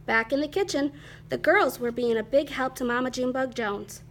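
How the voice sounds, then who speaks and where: Lively high-voiced woman reading a picture book. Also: normal speed, slight background noise. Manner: lively, expressive, rhythmic. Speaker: storyteller. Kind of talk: children's picture book read-aloud.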